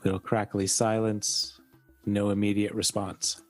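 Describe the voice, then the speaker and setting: Relaxed man narrating a tabletop game. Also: fairly low pitch, measured pace. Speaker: game master. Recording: faint music behind.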